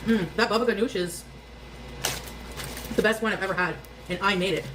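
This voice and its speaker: A woman's voice: medium pitch, a little fast, pauses often, fairly bright tone, a little hiss or hum. A woman talking to her viewers while she cooks in a home kitchen, chatty and casual. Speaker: cooking vlogger. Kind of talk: casual cooking vlog.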